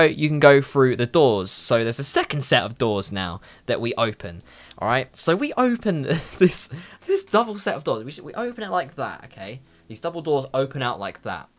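A young man from telling a story in a casual vlog, animated and full of swearing. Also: mid-range voice. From London. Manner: animated, heavy swearing, quick asides. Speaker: YouTuber.

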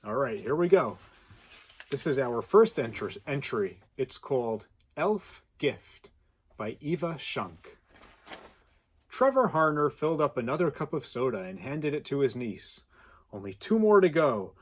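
A man reading a contest story aloud with animated delivery and playful asides. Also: medium pitch, a little slow, breathy edge. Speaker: contest entry reader.

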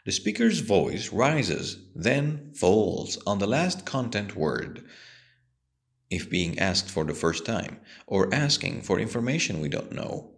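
A man teaching an English lesson, explaining patiently and slowly with a strongly rising and falling voice. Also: fairly low pitch, big pitch swings.

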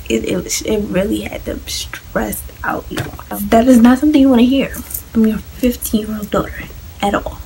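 A young woman vlogger chatting casually through a personal story, animated and addressing viewers directly. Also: a little high, gravelly, noisy background.

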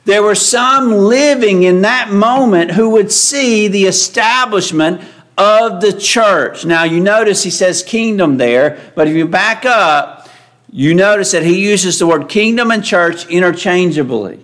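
High-voiced man preaching slowly. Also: fairly bright tone. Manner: explanatory, repeats and restarts phrases, asks "right?". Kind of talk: sermon.

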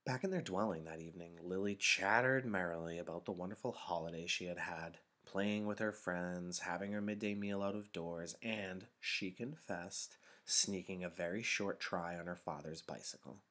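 A man reads a novel aloud to his students in a calm, measured way. His voice sits very low. He tells the story with steady care. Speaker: teacher reading aloud. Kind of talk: novel read-aloud narration.

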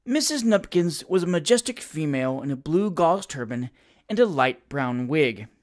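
The narration of this classic comic novel audiobook comes in a mid-range voice at normal speed, delivered theatrically and with lots of expression.

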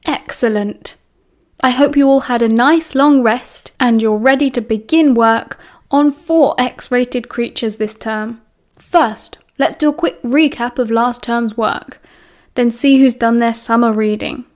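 A woman's voice: on the high side, close to an everyday voice. A British woman reading an audiobook and voicing a hearty, cheerful male teacher addressing his class. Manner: cheerful, brisk.

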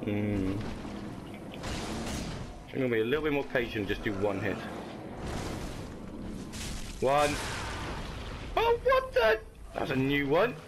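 A man's voice: mid-range voice, animated, a little slow, long pauses, noisy background. Sweary man gaming. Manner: sweary, frustrated outbursts at the game. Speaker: gamer. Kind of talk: let's play commentary.

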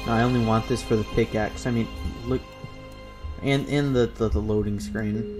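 A man's voice: medium pitch, unhurried, long pauses. A man casually commenting on his own gameplay, rambling and playful as he talks to himself. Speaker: gamer. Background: game music.

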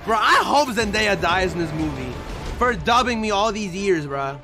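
A young man of Mexican heritage chatting profanely with his livestream viewers, excitable and prone to sudden shouts and laughter. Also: sits high, moderate pace, music in the background. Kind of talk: casual livestream chat with viewers.

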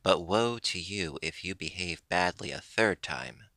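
A man voicing a stern, forgiving woman fairy who speaks low and gravely. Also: measured pace, sharp tone, no room sound.

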